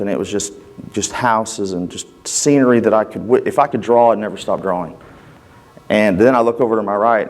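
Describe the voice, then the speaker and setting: A man's voice: lowish voice, darkish tone. A man giving a personal church testimony in an earnest, conversational way, acting out the dialogue as he tells it.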